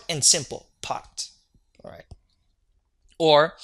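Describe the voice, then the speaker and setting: A lecturer giving a recorded online lecture on medical terms, energetic and joking, often checking in with the listener. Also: mid-range voice, moderate pace. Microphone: recorded video lecture.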